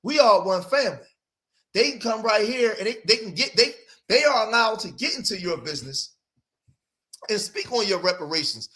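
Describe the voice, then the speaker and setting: This man hosts a reaction commentary show, and his high voice is pushed and bright, with lively intonation at a moderate pace. He reacts to played clips emphatically and rhetorically, constantly checking in with listeners by asking "right?"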